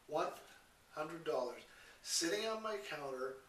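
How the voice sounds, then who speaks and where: A middle-aged man casually telling a personal faith story to camera from his home stairway, with restarts and repeated words, rising louder when he relives moments. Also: on the high side, expressive, measured pace. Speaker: Christian storyteller sharing a testimony. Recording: echoey room, distant mic, faint hiss.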